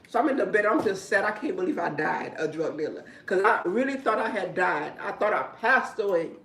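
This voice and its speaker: A woman who works as a hairdresser, telling a story in casual talk, animated and repetitive, often breaking into laughter. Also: mid-range voice. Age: adult. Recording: roomy, from a distance.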